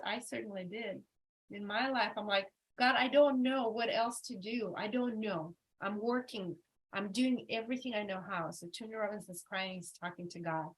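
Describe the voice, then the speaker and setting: A woman's voice: mid-range voice, husky, poor audio. A woman leading a motivational retreat workshop, emphatic and repetitive, telling stories with lots of energy. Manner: emphatic and repetitive, animated storytelling. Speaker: retreat coach.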